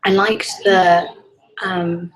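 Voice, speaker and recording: A young British woman with an American-tinged accent, chatting casually while getting ready for a live stream. She talks quickly and now and then drops to a whisper. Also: on the low side, flat delivery, crowd noise. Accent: British with an American twang. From Britain. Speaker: student host of a live stream. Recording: echoey room with faint noise.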